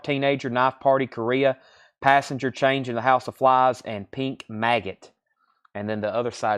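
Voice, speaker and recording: A man's voice: medium pitch, a bit bright. A man hosting a live-stream record sale, talking in breezy, joking sales patter with repeated catchphrases.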